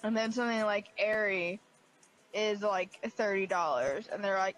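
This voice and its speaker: A woman's voice: mid-range voice, normal speed, slight background noise, rough recording. A woman co-hosting a let's play, chatting in a rambling way full of "like". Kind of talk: casual gaming banter.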